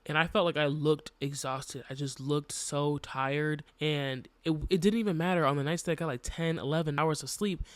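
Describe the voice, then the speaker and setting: Young male podcast host, candid personal monologue, fairly high voice, dry close sound. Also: fairly bright tone, smooth, dry recording. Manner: candid and reflective, many "like" fillers.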